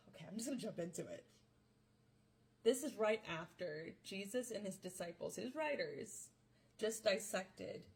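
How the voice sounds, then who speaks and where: A young woman podcast host retelling a Bible story casually, playful and full of slang and quick joking asides. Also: medium pitch.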